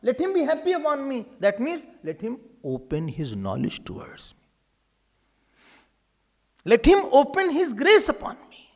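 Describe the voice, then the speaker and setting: Animated male spiritual teacher. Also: very high voice, a little slow, pauses often. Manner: animated storytelling, acting out dialogues with humor. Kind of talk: spiritual discourse.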